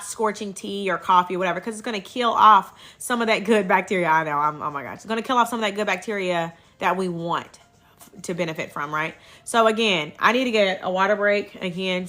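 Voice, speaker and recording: Upbeat woman with a bright, forward voice; a chatty livestream host who breaks off to thank viewers. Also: medium pitch, a little fast. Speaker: herbal wellness livestream host. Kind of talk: casual livestream chat.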